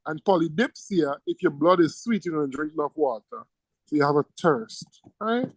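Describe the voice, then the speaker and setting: A male teacher giving a classroom lecture, lively and teasing, firing questions at his students. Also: on the high side, moderate pace, creaky, no echo, rough recording.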